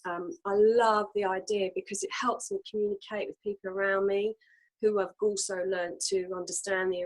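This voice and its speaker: A woman co-hosting a casual reflective chat, talking earnestly with many fillers and pauses. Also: on the low side, rough recording. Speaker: co-host.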